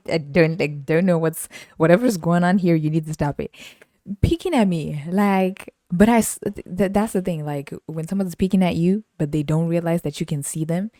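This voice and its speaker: Chatty young woman with a low voice. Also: normal speed, dry recording, studio quality. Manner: laughs often, animated retelling with quoted voices. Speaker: podcast host. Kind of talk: casual solo storytelling.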